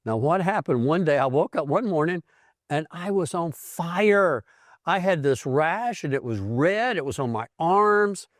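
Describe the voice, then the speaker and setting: An older male doctor telling his own health story in a conversational way, animated and acting out the voices of the people in it. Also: a little high, measured pace, no room sound, clean studio sound. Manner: animated storyteller who acts out quoted voices. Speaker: physician host.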